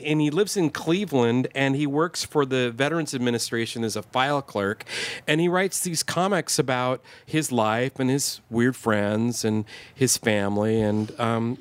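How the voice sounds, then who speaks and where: In a medium-pitched voice at a moderate pace, with no echo, a male podcast co-host chats casually. His talk wanders, full of filler words and restarts.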